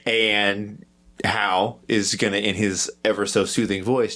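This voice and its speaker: Hesitant, low-voiced male podcast host. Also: flat delivery, slow, pushed and bright. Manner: rambling, hesitant, self-deprecating. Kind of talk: casual podcast discussion.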